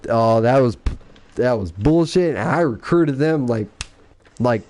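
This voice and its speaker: A man's voice: medium pitch, animated, a little slow, a little mellow. A man hosting a casual podcast, telling a gaming story with lots of swearing and mocking quoted voices. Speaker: podcast host and clan recruiter.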